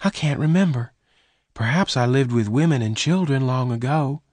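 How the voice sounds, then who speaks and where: A man voicing a gentle young woman in a read-aloud story, speaking softly and earnestly in a raised voice. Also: normal speed, dry recording, close to an everyday voice. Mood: quiet. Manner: soft, earnest, pitched well above his own voice.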